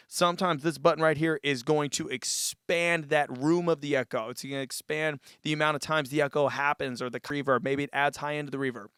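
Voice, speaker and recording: Man, casual tutor, smooth clear voice, slightly high, dry close mic. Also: fairly bright tone, dry recording. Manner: laid-back, says "dude" a lot, demonstrates with his voice. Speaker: music tutorial host. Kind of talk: casual instructional demo. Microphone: vocal mic through a live mixer.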